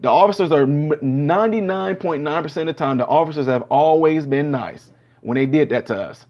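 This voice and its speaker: Guy ranting casually, a bit high-pitched, acts out little dialogues, muffled lo-fi audio. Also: a little fast. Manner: animated storyteller acting out dialogues. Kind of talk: casual opinion monologue. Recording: dull lo-fi sound.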